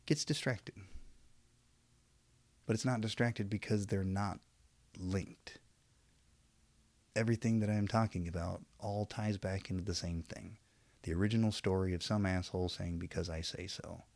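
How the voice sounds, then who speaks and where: Low-voiced rambling preachy man. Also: steady tone, measured pace, pauses often, darkish tone, no room sound. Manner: rambling, preachy, self-aware, frequent trailing asides. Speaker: vlogger. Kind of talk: casual opinion monologue.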